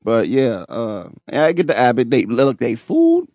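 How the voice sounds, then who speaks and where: A man telling his own story in casual, profane, animated talk, laughing and breaking into high shouts. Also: normal speed, no room sound.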